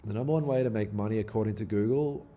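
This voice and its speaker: A man's voice: fairly low pitch, fast, dark tone, slight background noise. A man hosting a live day-trading stream, chatting casually with viewers, swearing freely and talking back to the market. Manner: casual, swears freely, pleads and jokes with chat. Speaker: day trading livestream host.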